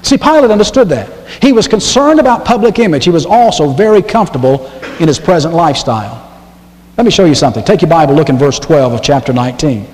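A man's voice: fairly high pitch, expressive, fast, a little mellow. A man preaching a sermon as pastor, emphatic and repeating key phrases as he reads scripture aloud. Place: church sanctuary. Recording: long hall reverb.

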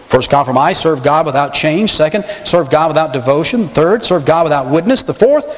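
A male pastor delivers a sermon with emphatic stresses and repeated questions to the congregation. His voice sits high and rises and falls dramatically. A long reverb hangs in the hall around him.

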